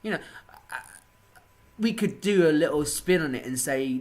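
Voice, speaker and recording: A man from England ranting in a casual monologue, swearing often and swinging between low muttering and loud outbursts. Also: lively intonation, moderate pace.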